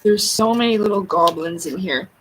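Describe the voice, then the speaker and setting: A woman's voice: medium pitch, moderate pace, a bit bright, a little hiss or hum, rough recording. A woman hosting a livestream, thinking aloud in a flustered, muttering way as she searches for something. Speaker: livestream host. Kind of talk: unscripted livestream talk to herself while searching a book.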